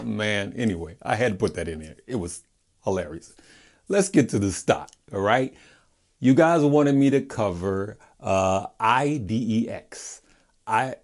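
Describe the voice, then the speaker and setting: A man with a fairly low voice talks through stocks in a casual, chatty way. He keeps checking in with his viewers and restarts his phrases as he goes. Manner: chatty, often checking in with "all right?" and "okay?"; conversational, with frequent restarts. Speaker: stock market video host. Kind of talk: casual video commentary.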